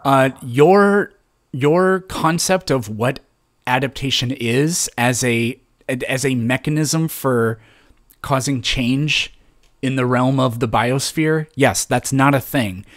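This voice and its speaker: A man's voice: medium pitch, slow pace, no room sound, clean studio sound. A man hosting a heated debate, mocking and sarcastic toward the other speaker. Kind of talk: heated argument.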